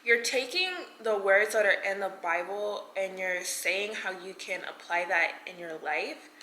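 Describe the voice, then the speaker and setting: A woman's voice: medium pitch, pushed and bright. A woman in her twenties gives an earnest, chatty motivational talk to camera, full of "like" fillers. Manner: earnest and chatty, many "like" fillers, laughs between points. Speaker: vlogger. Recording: echoey room with faint noise.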